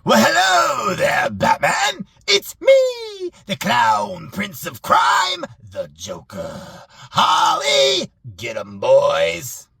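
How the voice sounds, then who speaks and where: A woman doing a cackling male clown villain, raspy, piercing, very slow, shouted. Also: sits high, wildly swooping pitch, dry recording, studio quality, heavily acted. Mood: gleeful menace. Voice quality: shrieking, drawn-out theatrical delivery. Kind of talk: voice impression clip.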